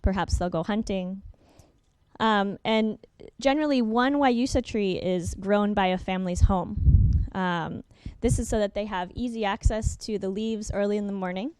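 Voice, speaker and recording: At a workshop, a young adult woman presents over slides in a smooth, clear, medium-pitched voice with a darkish tone. Her pace is quick, and she fills gaps with ums and uhs while restarting and correcting her sentences. There's no room echo; the recording is close and dry.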